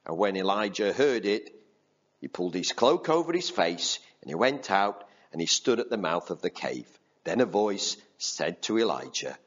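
A man preaching and reading scripture, his husky voice rising and falling a lot as he talks. He keeps it conversational and repeats key lines for emphasis. The recording sounds dull and lo-fi. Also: sits low, big pitch swings, normal speed.

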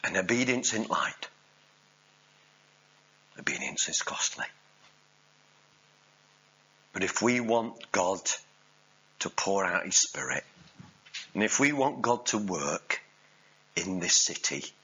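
A male preacher, giving a sermon with animated storytelling and jokes with the congregation. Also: sits low, takes it slowly, pauses often, slightly rough, dull audio.

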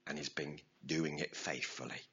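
A man preaching a sermon as pastor, telling stories with animated acted-out voices and asking the congregation to respond. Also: extremely low pitch, normal speed, slightly rough, lo-fi sound. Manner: animated storyteller, acts out voices. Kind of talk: sermon with story and call-and-response.

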